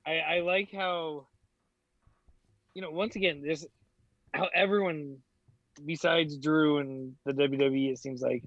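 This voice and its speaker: A man's voice: fairly high pitch, fairly even intonation, unhurried, long pauses, fairly bright tone, no room sound, highs cut off. A man co-hosting a casual podcast, mostly giving short laid-back replies. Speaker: podcast co-host. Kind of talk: casual chat.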